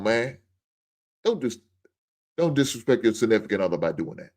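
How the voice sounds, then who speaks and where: Low-voiced man ranting as host. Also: very animated, moderate pace, pauses often, darkish tone. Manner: ranting, blunt, joking. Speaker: podcast host. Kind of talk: casual monologue.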